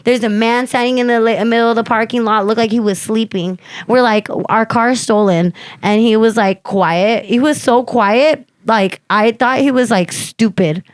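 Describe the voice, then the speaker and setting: A woman comedian telling a story on a podcast in casual chat, animated and profane, acting out what people said. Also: a little high, normal speed, hardly any pauses, clean tone, no echo. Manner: animated, profane, acts out quotes.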